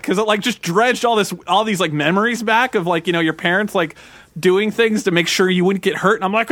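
A man in his late thirties with a high, bright voice, chatting casually as a podcast co-host. He tells stories with lots of acted-out quotes. The sound is dry and close. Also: fairly quick, dry recording. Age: 30s. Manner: animated, acts out quotes in a high put-on voice. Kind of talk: casual chat retelling a game.

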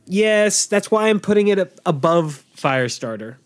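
Podcast co-host, male, exasperated ranting reviewer with a lively, high voice. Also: normal speed. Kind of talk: casual movie-review chat.

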